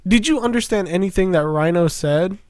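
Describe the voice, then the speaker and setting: A man co-hosting a casual movie review chat, animated and jokey, often laughing and swearing. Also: sits high, fairly quick, no echo, studio quality. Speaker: podcast co-host.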